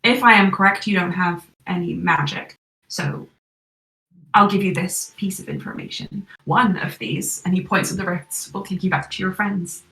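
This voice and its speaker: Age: adult. Figure: woman voicing a calm, menacing male villain. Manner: patronizing. Sound: bright, roomy. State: slightly hoarse. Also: on the low side, normal speed, far from the mic. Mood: condescending. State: slightly hoarse, frog in throat. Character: scheming male villain who experiments on people.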